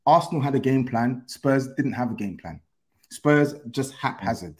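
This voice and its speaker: A man's voice: mid-range voice, animated, normal speed, a little mellow. A man with a London accent arguing his point on a football podcast panel, insistent and laughing as he defends himself. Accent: London English. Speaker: podcast panelist, Spurs fan. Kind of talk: heated football podcast chat.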